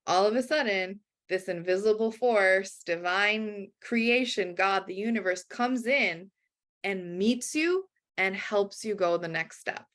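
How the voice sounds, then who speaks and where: A woman's voice: medium pitch, unhurried. A woman guest telling a personal story in a casual interview, acting out the voices of the people in it. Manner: animated, acts out quoted dialogue.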